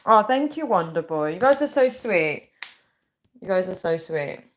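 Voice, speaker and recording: A woman's voice: on the low side, big pitch swings, unhurried. Chatty young woman on a live stream. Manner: chatty, rambling, reads chat aloud. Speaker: livestreamer. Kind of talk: casual live-stream chat.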